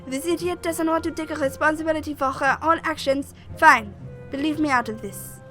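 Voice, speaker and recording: A sardonic, sharp-tongued village witch, as a woman plays her, cutting and scornful. Her voice is high and bright, with faint music under a video-game reading. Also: brisk. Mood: dismissive.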